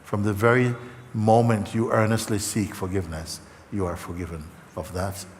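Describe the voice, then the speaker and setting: A man with a lowish voice gives a spiritual talk, slow and halting, circling back on his words with soft fillers. His voice rings with a long hall reverb, and a faint hum of ambience sits beneath it. Some emotion runs through the talk. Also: little pitch movement. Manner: gentle, halting, many fillers and repeats. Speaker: spiritual teacher.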